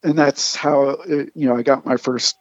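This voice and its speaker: A man, a comic artist, telling animated anecdotes in casual conversation and acting out the people he quotes. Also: mid-range voice, moderate pace, no echo, highs cut off. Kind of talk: casual storytelling.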